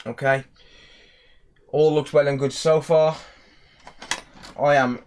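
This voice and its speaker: A man's voice: on the high side, steady tone, slow, pauses often, slight background noise. A young man with a West Midlands English accent, an electronics repair technician ranting in a casual vlog, annoyed and repeating himself. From England.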